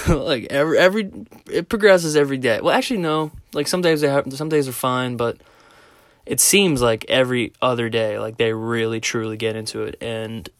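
A man's voice: mid-range voice, dry recording. Profane, rambling man host in a dry room. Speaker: podcast host. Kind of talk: casual storytelling.

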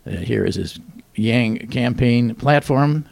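An older man in his sixties reads satirical headlines with deadpan timing, then drops wry muttered comments. His voice is low and gravelly. The recording is dry and close, with no room sound. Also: moderate pace, dry recording. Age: 60s. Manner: dry, wisecracking, mutters asides. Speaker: podcast host. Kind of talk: deadpan satirical news monologue.

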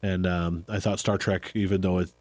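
A man's voice: sits low, little pitch movement, normal speed, a little mellow, no echo. A middle-aged man co-hosting a casual chat, rambling and correcting himself as he goes. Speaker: podcast co-host.

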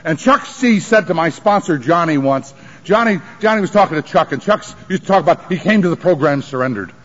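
A man's voice: on the high side, animated, brisk, a bit bright. A man telling his recovery story at a sobriety conference, confessional and emotional with wry humor, on a dull archival tape. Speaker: recovery meeting speaker.

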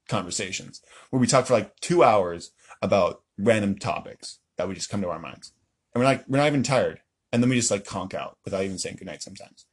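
A man's voice: lowish voice, breathy edge. A young man co-hosting a podcast, telling a rambling story in casual chat, often laughing and correcting himself. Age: young adult. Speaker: podcast co-host.

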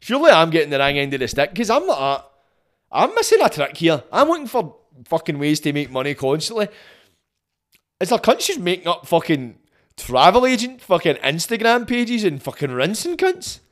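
A man's voice: a little high, huge pitch swings, a bit bright. Sweary Glaswegian man ranting. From Scotland. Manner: sweary, rambling, mimics people in quick asides. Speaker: podcast host. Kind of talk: casual comic monologue.

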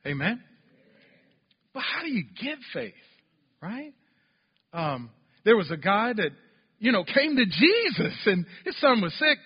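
Lively high-pitched preacher in a hall. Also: male voice, measured pace, long pauses, husky. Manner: call-and-response preaching, rising to emphatic peaks. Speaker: pastor. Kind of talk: sermon. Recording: dull, roomy church hall sound.

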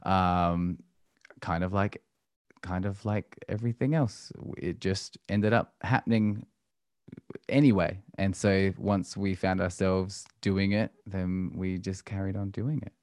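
A man's voice: low-pitched, fairly even intonation, measured pace, darkish tone, no room sound, studio quality. A man, talking about family life as a podcast guest in a reflective, hesitant way full of ums. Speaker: podcast guest, musician and homeschooling parent. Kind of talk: casual interview talk.

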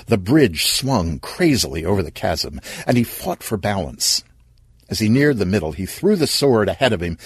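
A man narrating an audio story in a vivid, expressive way. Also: fairly low pitch, husky, no room sound.

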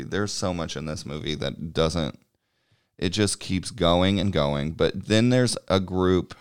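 A man's voice: deep voice, clear, resonant tone, no room sound, studio quality. A man chatting casually, recapping a movie at a meandering pace, swearing and chuckling as he goes. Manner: rambling and swears freely, chuckling while recapping.

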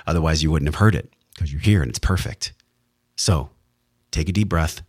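Deep-voiced man, earnest podcast host. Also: a little fast, breathy edge, dry recording, studio quality. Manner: earnest, heartfelt, emphatic with occasional swearing. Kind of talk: motivational wellness podcast monologue.

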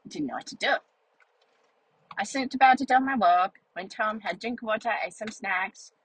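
A woman voicing a cheerful, chatty young female schnauzer dog, telling a story with a childlike, rambling, playful manner and a breathy voice. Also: medium pitch, normal speed, fairly bright tone, poor audio. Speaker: vlog narrator in character. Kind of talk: storytelling in character.

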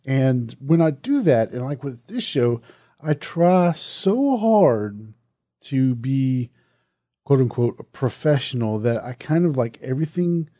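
A man with a Southern accent talks loosely and chattily as a podcast host. He often restarts and corrects himself. His voice is mellow, and the recording is dry and close. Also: medium pitch, big pitch swings, slow, no echo. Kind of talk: casual solo podcast talk.

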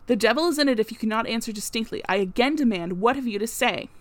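A woman reading the part of a stern, curt gentleman of the manor in an audiobook. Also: mid-range voice, a little fast, no room sound, natural voice. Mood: demanding. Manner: curt and commanding. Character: stern gruff man of the manor.

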